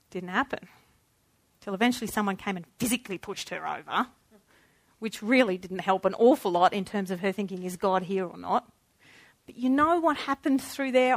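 A woman giving an impassioned personal testimony, talking straight to her listeners and swinging between hushed and loud. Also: mid-range voice, lively intonation, a little fast, no echo. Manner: conversational, asks the audience questions. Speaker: speaker sharing a personal testimony. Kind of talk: testimony talk.

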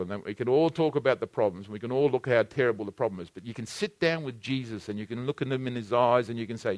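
A man preaching a sermon, swinging between loud exhortation and hushed, intimate asides. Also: medium pitch, fast talker, few pauses, no room sound.

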